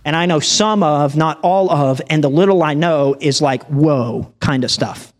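A man preaching a sermon as an animated storyteller who acts out the dialogue in his story. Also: on the high side, a little slow, in a large hall.

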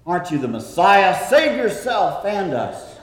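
A man preaching a sermon in a slow, earnest way, dropping to a soft hush when he quotes scripture. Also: sits high, very animated. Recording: echoey hall, from a distance.

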